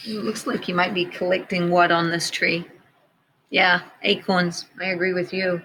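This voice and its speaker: A woman teacher reading a picture book aloud to children, gently pointing out details in the pictures as she goes. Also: on the low side, fairly even intonation, a little slow, poor audio.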